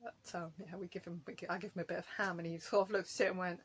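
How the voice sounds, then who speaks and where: A woman's voice: lowish voice, steady tone, brisk, few pauses, breathy edge. A woman chatting casually to camera in a home craft vlog, rambling from topic to topic and laughing often. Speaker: craft vlogger.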